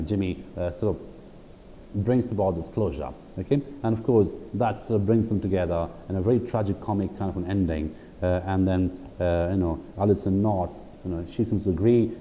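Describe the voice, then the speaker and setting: A man giving a recorded university lecture, reading quotes aloud slowly and checking in with "right?" between points. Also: low voice, mellow. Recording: hall reverb with faint background noise.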